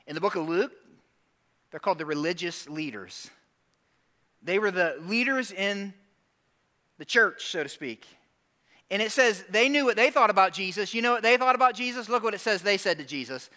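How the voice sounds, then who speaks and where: Young guy pastor giving a sermon in church, high bright voice, gets loud then goes quiet and serious. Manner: animated, acts out crowd voices, swings from loud to hushed.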